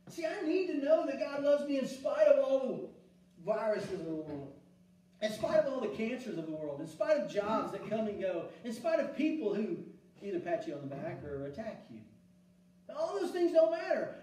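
A male pastor preaching a sermon, swinging between loud exclamation and hushed, soft passages, with frequent restarts. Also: extremely high pitch, very animated, normal speed, slight background noise. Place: church sanctuary. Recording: very echoey church room, mic at a distance.

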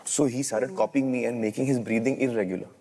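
A man, telling animated stories as a guest in an interview. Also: mid-range voice, fast. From India. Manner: animated, acts out dialogue while telling stories. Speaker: guest filmmaker. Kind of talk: storytelling in an interview. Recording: long reverb in a hall.

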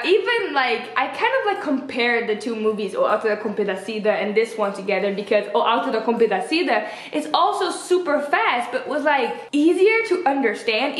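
A young adult woman chatting casually as a vlogger, animated and expressive as she retells things. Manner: chatty and animated, acts out quotes with pitch jumps. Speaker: vlogger reviewing a film. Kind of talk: casual chat. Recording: echoey room.

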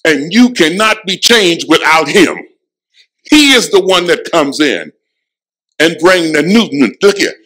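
A man preaching a sermon as pastor in a church, emphatic, dropping to a hush and rising again, repeating lines for effect. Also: on the high side, animated, slow pace, poor audio. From Florida. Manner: emphatic preaching, swings from hushed to loud. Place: church sanctuary.

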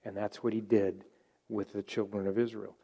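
A middle-aged man preaching at a Bible study with a warm, mellow voice. He speaks earnestly and circles back to his key phrases to drive them home. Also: fairly low pitch, little pitch movement, moderate pace, husky. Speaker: pastor.

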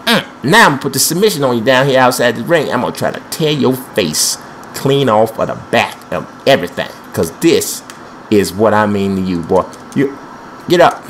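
A man's voice: medium pitch, very animated, a little fast, a bit bright, slight background noise. A young man giving panicky, trash-talking commentary while playing a wrestling video game, with speech. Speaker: gameplay commentator. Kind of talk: excited let's-play commentary.

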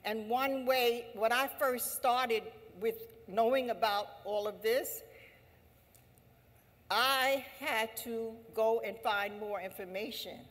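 A woman's voice: fairly high pitch, slow. A woman giving an impassioned rally speech at an assembly, with a fervent, repetitive, preaching cadence. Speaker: speaker at an anti-imperialist assembly. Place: large hall. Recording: reverberant hall sound.

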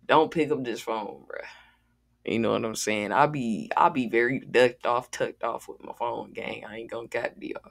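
This music reaction host has a medium-pitched, creaky voice and speaks at an average speed. His style is laid-back and full of slang, with frequent "bro" and "gang."

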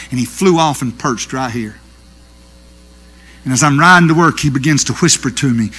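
A middle-aged man, preaching a sermon with animated storytelling that swings from loud to hushed. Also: mid-range voice, brisk, long pauses, husky.

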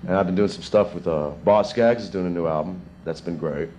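Man, thirties, session drummer, loose rambling Q&A, faint hiss, lowish voice. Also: fairly quick. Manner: rambling, animated storytelling with chuckles. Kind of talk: casual Q&A with students. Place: music school classroom.

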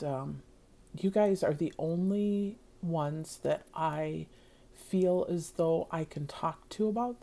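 A woman's voice: sits low, dark tone. A middle-aged woman talking to her viewers in a casual vlog, earnest and rambling, with many fillers. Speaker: vlogger.

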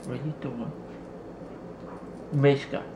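Slow gravelly guy vlogging at home on a noisy camera, baby-talks his dog between updates. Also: mid-range voice, fairly even intonation. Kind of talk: casual home vlog. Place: home indoors. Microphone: handheld camera.

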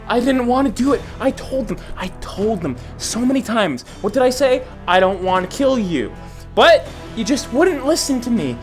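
A man talks through a game in a jokey, rambling way and keeps breaking into panicked shouts. His pitch jumps around a lot, and soft music runs underneath. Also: big pitch swings, moderate pace. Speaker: VR gaming YouTuber. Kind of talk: gameplay commentary.

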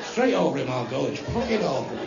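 English comic swearing at the crowd, gravelly lively voice, loud laughing club, echoey. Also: male voice, medium pitch, a little fast, highs cut off, very noisy. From England. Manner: crude, swearing, insulting the audience. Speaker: stand-up comedian. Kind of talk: live stand-up comedy. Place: comedy club before a live audience.

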